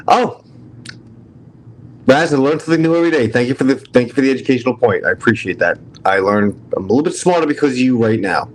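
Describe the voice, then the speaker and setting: A man's voice: mid-range voice, lively intonation, fast talker, rough recording. Man, strong new york accent, brash, profane, casual stream chat, faint background noise. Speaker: livestream host.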